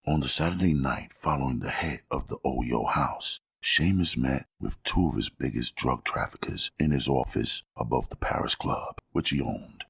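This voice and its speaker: A man narrating a gritty novel in a steady, measured way. His voice sits extremely low with a heavy gravelly fry and a husky edge. The delivery is dry and close. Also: dry recording. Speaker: audiobook narrator. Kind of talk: scripted audiobook narration.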